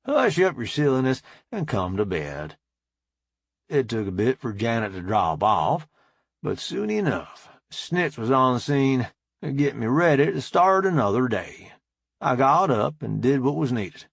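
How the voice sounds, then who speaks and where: A man's voice: medium pitch, sing-song, measured pace, vocal fry, fairly bright tone, slightly rough, no room sound. A man narrating a first-person audiobook in an easygoing, matter-of-fact way, close to the mic.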